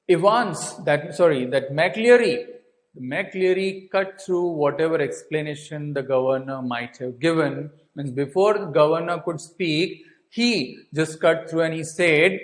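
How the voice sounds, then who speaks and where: Slow-talking man explaining a story. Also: fairly high pitch, low-quality recording. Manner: retells and explains, asks himself questions. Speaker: teacher.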